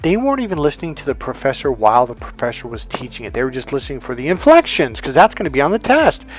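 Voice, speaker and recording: A man's voice: mid-range voice, wildly swooping pitch, fast talker. A man who works as a dating and relationship coach, giving an emphatic, repetitive motivational monologue. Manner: emphatic, repetitive, preachy lecturing.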